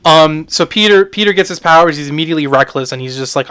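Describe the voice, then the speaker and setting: A man co-hosting a movie podcast in loose, rambling chat, breaking into laughs and fillers as he goes. His voice is clear and smooth, sitting a little higher than most men's. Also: fast talker, bright, forceful tone. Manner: laughs often, many fillers. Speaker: podcast co-host. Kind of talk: casual movie review chat.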